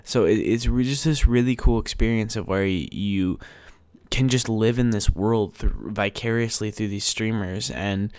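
A man's voice: lowish voice, normal speed, darkish tone, no echo. A young man hosting a podcast in casual chat, rambling enthusiastically with lots of fillers. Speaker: podcast host.

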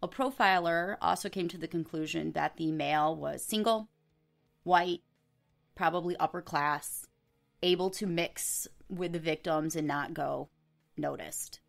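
A woman's voice: low-pitched, unhurried, vocal fry, faint music behind. A woman hosting a true crime podcast, telling the case in a casual, chatty way with offhand swearing. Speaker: podcast host.

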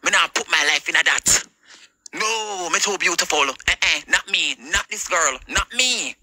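Sharp-voiced Jamaican woman ranting. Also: lowish voice, lively intonation, normal speed, no room sound, low-quality recording. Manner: confrontational, repetitive, heavy swearing. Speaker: livestreamer. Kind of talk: heated livestream rant.

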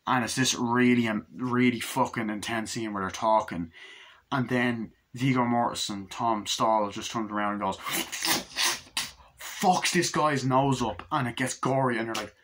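A man casually reviewing a movie, swearing freely and rambling as he retells scenes with quick quoted lines. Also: mid-range voice, steady tone, fairly bright tone, a little hiss or hum. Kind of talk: casual spoken film review.

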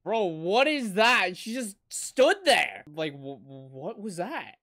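A young woman hosting an anime reaction, talking over the episode with excited, profanity-laced outbursts. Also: mid-range voice, slow pace, few pauses. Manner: excitable, swears a lot, loud sudden outbursts. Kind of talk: live reaction commentary.

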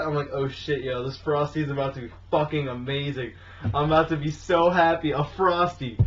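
A man's voice: mid-range voice, fairly even intonation, brisk, a bit bright. A young man vlogging, complaining in an exasperated, profane rant straight to the camera. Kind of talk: casual ranting vlog. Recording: dull lo-fi audio with faint hiss.

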